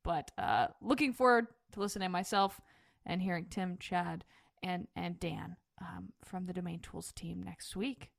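A woman's voice: lowish voice, measured pace, creaky, dry recording, studio quality. A woman hosting a podcast, chatting casually and laughing often. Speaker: podcast host. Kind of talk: casual chat.

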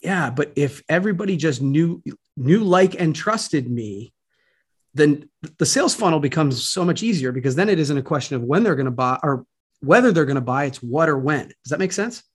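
A man's voice: on the high side, expressive, moderate pace, husky. A man hosting a podcast interview, asking long, rambling questions full of restarts. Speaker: podcast host.

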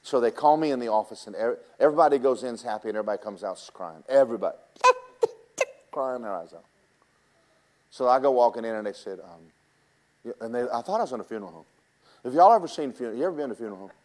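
A man's voice: medium pitch, lively intonation, fast, long pauses, darkish tone. A man preaching a sermon, telling personal stories in a folksy, teasing way and talking straight to the congregation.

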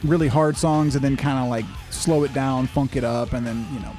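A man co-hosting a music podcast, jokey and quick to laugh, stammering a little as he talks. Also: medium pitch, steady tone, dark tone. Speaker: podcast co-host. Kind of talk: casual chat about music. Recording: faint music playing underneath.

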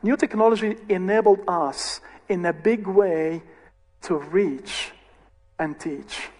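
A man with a fairly high voice tells a story slowly and earnestly, one short phrase at a time. He speaks as a ministry leader, and his voice carries a long reverb, as if he were recorded in a big hall. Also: darkish tone. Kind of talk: recounting a conversion story.

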